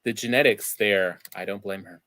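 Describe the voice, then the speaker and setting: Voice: sits low, normal speed, fairly bright tone, no echo. A podcast co-host in casual chat, dropping dry, wry comments.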